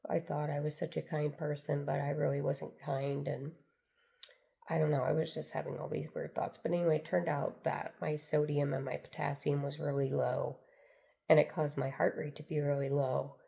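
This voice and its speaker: A woman's voice: low-pitched, level tone, moderate pace, creaky, dark tone. An older woman telling a personal story to camera in an earnest, meandering way that circles back and repeats itself. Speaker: spiritual storyteller.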